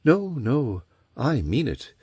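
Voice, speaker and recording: A man's voice: medium pitch, animated, unhurried, darkish tone, dry recording, studio quality, voice pushed up. Chryseis, a cynical seductive sorceress voiced by a man. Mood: earnest. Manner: silky and coaxing.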